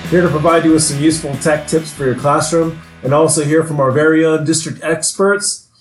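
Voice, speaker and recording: A man's voice: on the high side, fairly even intonation, fairly quick, faint music behind. Upbeat male podcast host, echoey room. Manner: upbeat, welcoming, searches for words. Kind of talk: casual podcast chat. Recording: echoey room with faint noise.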